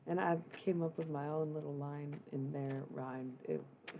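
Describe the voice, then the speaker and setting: A woman's voice: deep voice, steady tone, moderate pace, creaky, mellow, a little hiss or hum. A woman livestreaming a casual intuitive reading, rambling from thought to thought with slang, swearing and mystical asides.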